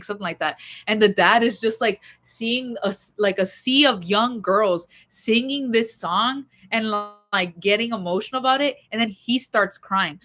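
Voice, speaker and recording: A young woman hosting a casual livestream, chatting in a rambling, expressive way with lots of fillers. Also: medium pitch. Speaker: livestream host.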